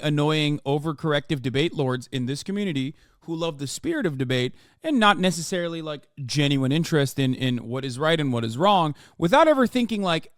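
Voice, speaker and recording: With a voice on the high side, this livestream host in his thirties reacts to a video and rants at his chat in heated, swearing-filled outbursts, addressing them directly. The clean studio sound carries no room sound.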